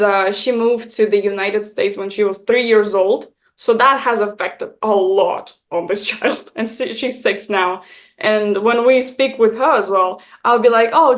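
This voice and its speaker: Young Estonian woman, non-native speaker, bright storyteller with a slightly high voice, lots of "like". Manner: animated, acts out quotes, many fillers. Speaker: guest content creator. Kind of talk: casual storytelling chat.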